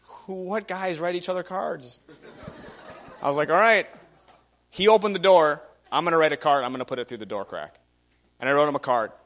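A man's voice: on the high side, a little fast. A young man preaching a sermon, telling stories animatedly and acting out the people he quotes. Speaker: guest preacher.

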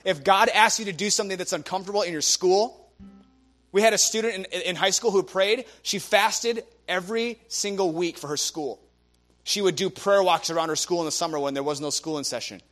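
A man's voice: high voice, a little fast, a bit bright, faint music behind. A young man preaching a sermon, telling stories animatedly and acting out the people he quotes. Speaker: guest preacher.

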